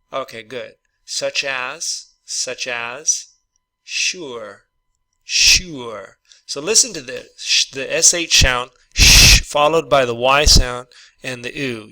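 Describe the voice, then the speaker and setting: Slow, bright-voiced male English teacher. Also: mid-range voice, poor audio. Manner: patient, encouraging, repeats each word twice for practice. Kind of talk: slow explanatory lesson for Spanish speakers.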